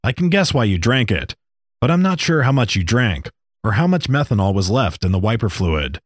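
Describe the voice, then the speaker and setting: A man voicing an old talking desert snake, calm and matter-of-fact with dry jokes. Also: fairly low pitch, normal speed, dry recording. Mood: wry. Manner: matter-of-fact, dryly joking.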